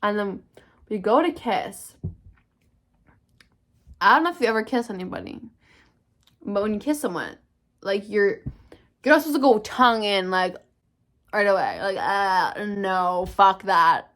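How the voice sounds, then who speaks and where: A woman's voice: medium pitch, normal speed, long pauses. A young woman telling a candid, swear-filled personal story in a casual storytime vlog, acting out what people said. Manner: candid, swears often, animated retelling. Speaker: vlogger.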